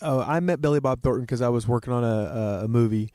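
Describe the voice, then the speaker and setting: A man's voice: medium pitch, quick pace, mellow, no echo, studio quality. Southern-accented man telling a story. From Oklahoma. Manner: rambling, with many restarts and fillers. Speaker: podcast guest, actor. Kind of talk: casual storytelling.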